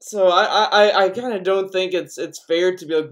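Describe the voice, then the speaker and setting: High-voiced man ranting casually. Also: steady tone, moderate pace, few pauses. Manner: profane, rambling, frequent restarts. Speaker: podcast host reading chat. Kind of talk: casual rambling stream chat.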